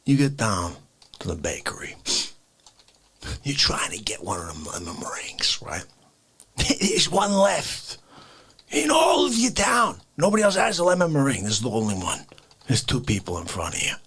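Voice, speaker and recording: A man doing a celebrity impression of a cranky old man, ranting in a rambling way with husky whispers and sudden shouts. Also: mid-range voice, wildly swooping pitch, normal speed, pitched below the performer's own voice, exaggerated voice. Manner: rambling rant, bursts into shouts. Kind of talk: comedic improvised rant.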